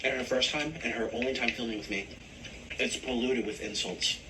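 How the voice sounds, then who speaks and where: A man's voice: medium pitch, a little fast, noisy background. Sarcastic man ranting on a vlog. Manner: sarcastic, animated, complaining. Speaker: vlogger. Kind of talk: casual vlog rant.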